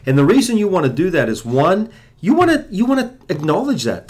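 A man's voice: high voice, sing-song, brisk, a little mellow, husky. A man coaching chiropractors on running a weight loss workshop, emphatically acting out exchanges with the audience. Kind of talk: teaching a seminar.

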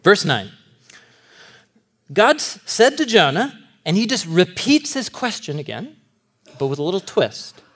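A man in his thirties, a Bible teacher giving a lively, comic sermon-style lesson to a group, often laughing as he retells the story. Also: high-pitched, a little slow, pauses often.

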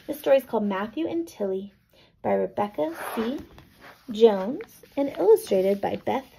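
Gravelly-voiced woman teacher reading aloud. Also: on the high side, sing-song, moderate pace, a little hiss or hum, low-quality recording. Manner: gentle, checks in with "right?" and "okay?". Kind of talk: reading a picture book to children.

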